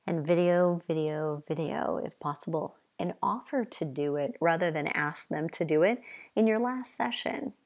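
A woman's voice: fairly low pitch, animated, moderate pace. A middle-aged woman giving conversational advice to fitness trainers, with frequent asides and repeated list items. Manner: conversational, with frequent "you know" and list-like repetition. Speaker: fitness business coach.

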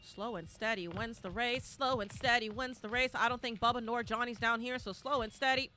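Young woman streamer, live game commentary, high and bright voice, excitable with sudden shouts. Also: a little fast, soft background music. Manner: excitable, bursts into shouting and squeals.

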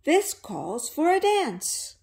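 A woman voicing a calm, contented duck in a storybook read aloud, in a matter-of-fact, cheerful way. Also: a little high, slow pace, gravelly, full character voice. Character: calm, contented duck living inside a wolf.

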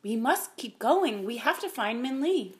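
A woman reading the part of an angry, bitter mother with a fierce, sharp manner. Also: fairly high pitch, very animated, measured pace. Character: angry, bitter mother searching for her daughter.

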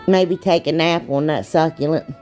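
A woman's voice: deep voice, steady tone, moderate pace, a little mellow, faint music behind. Chatty woman crafting. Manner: chatty, rambling, self-deprecating, laughs often. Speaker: DIY crafts vlogger. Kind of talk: casual craft tutorial narration.

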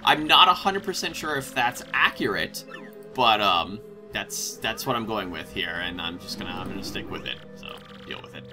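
A man hosting a casual let's play, rambling and excitable, often breaking into laughter. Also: on the low side, moderate pace, soft background music. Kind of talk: casual gameplay commentary.

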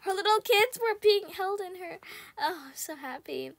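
A young female gaming host narrating her game play, excitable, squealing and shouting when in danger. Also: very high-pitched, moderate pace, vocal fry, no room sound. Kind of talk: game commentary.

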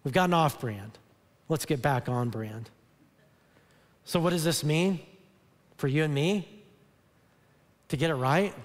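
Earnest male pastor preaching in a hall. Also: a little high. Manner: earnest, repeats words and restarts often, rises to emphatic bursts. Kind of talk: sermon. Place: large church auditorium. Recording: long hall reverb.

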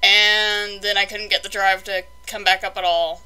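A woman's voice: mid-range voice, level tone, normal speed, bright, forceful tone, clean tone, rough recording. A young woman chatting casually through a toy unboxing, rambling and exasperated in her asides.

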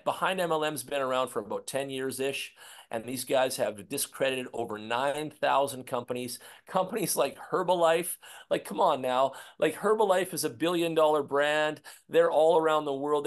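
A man's voice: mid-range voice, moderate pace. A man from Canada co-hosting an online commentary show, talking in a combative, repetitive, ranting way. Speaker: co-host.

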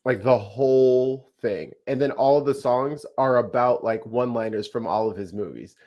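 A man co-hosting a podcast as its producer, chatting excitably in casual banter. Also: medium pitch, normal speed, highs cut off.

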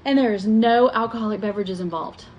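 A fast-talking woman with a mid-range, slightly mellow voice chats with viewers as y'all during a live craft tutorial, working at her table at home and poking fun at herself. There's slight background noise.

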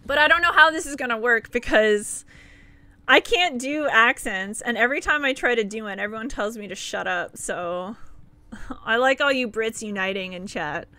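A woman's voice: a little high, moderate pace, bright, forceful tone, no room sound. A woman streaming a game live, chatting casually and giggling with her viewers.

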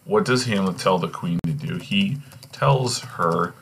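A man's voice: deep voice, unhurried, vocal fry, breathy edge. A male teacher casually reading and explaining a play in a recorded lesson, often checking in with "okay?". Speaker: English teacher.

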